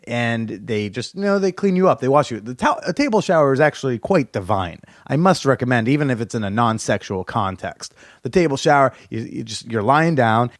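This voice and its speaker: A man's voice: medium pitch, animated, a little fast, hardly any pauses, no echo, studio quality. Frank, profane male podcast host. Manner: frank and profane, rambling with restarts. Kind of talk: candid solo storytelling.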